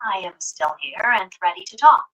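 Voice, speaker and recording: A synthetic female voice assistant giving polished, helpful answers in a smooth conversational tone. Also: medium pitch, animated, moderate pace, bright, forceful tone, poor audio.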